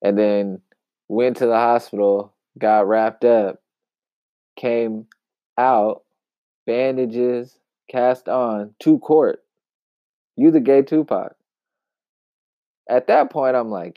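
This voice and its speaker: A man giving casual commentary in an emphatic, wry way, with long pauses, on a dull, dry lo-fi recording. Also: mid-range voice, steady tone, no room sound. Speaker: commentary vlogger.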